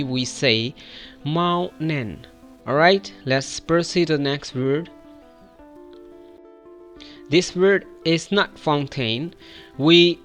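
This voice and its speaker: Teaching English pronunciation through repeat-after drills, a man from Pakistan stretches each model word out so learners can copy it. He speaks with a Pakistani accent in a somewhat high, slightly bright voice.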